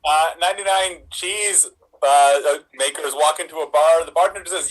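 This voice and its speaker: A man, an improv player, telling jokes in a quick, punchy way. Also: a little high, rough recording.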